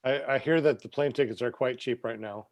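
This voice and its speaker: A man's voice: medium pitch, steady tone, brisk, lo-fi sound. A man hosting a podcast who keeps an eye on the live chat while talking casually. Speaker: podcast host.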